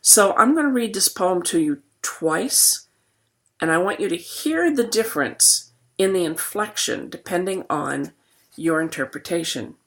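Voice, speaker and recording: A woman teacher lectures on poetry in a lowish voice that is starting to give out, with frequent throat clearing. She moves at an unhurried pace, drawing out lines of verse with deliberate pauses. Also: animated, fairly bright tone. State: losing her voice, clearing her throat. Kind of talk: recorded classroom lecture.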